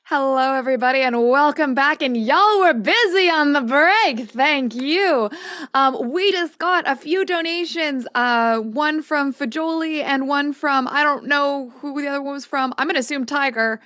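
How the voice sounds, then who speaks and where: A woman's voice: high-pitched, a bit bright, no room sound. A woman narrating as game master of a tabletop game stream, chatty and full of ums. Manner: chatty, lots of ums, quick asides.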